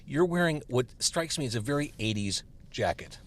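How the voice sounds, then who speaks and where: A man's voice: medium pitch, moderate pace. A man hosting a podcast, chatting casually and playfully in a parked car over food. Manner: chatty, playful, animated delivery. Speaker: podcast host.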